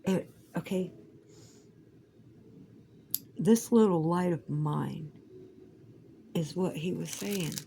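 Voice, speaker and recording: A woman's voice: lowish voice, slow, creaky, long pauses, warm tone, a little hiss or hum, low-quality recording. A woman chatting casually while crafting, rambling and profane, with emphatic outbursts. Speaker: vlogger.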